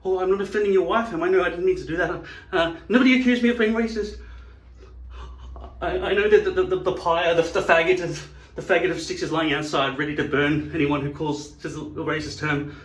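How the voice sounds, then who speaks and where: A man's voice: a little high, brisk, echoey room, voice pushed up, close to an everyday voice. A man voicing a jittery, nervous man who stammers and apologises in a flustered rush. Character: jittery high-voiced man anxious about seeming offensive.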